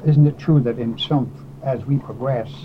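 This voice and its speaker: A man in the audience asking a question in a hesitant, halting way. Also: medium pitch, phone-quality sound, a little hiss or hum.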